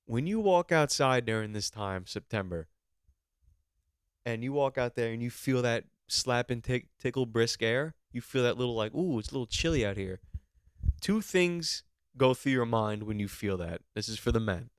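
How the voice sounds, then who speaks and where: A man's voice: mid-range voice, lively intonation, normal speed, clean tone, no echo, studio quality. A young man hosting a podcast, riffing in a rambling, profane, comedic monologue full of fillers. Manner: rambling, profane, lots of fillers and mock voices. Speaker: podcast host.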